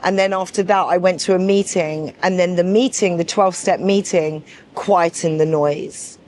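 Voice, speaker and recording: A woman's voice: fairly low pitch, steady tone, normal speed, darkish tone. A woman in her forties giving candid personal testimony in a documentary, frank and emphatic, repeating herself for weight and swearing freely. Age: 40s. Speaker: documentary subject.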